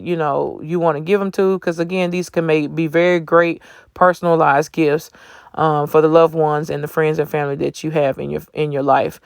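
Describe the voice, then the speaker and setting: A man's voice: a little high, vocal fry, clean tone, no echo, studio quality. Sleepy, chatty man doing a phone voiceover. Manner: chatty, folksy, addresses viewers as y'all. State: sleepy, yawning. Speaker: craft channel host. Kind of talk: casual tutorial voiceover.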